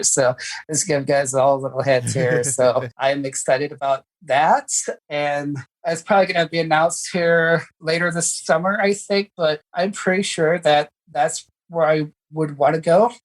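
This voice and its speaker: A woman's voice: deep voice, poor audio. A woman who is a guest on a casual podcast interview, talking enthusiastically and at length. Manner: enthusiastic, talkative. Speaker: podcast guest, former political candidate.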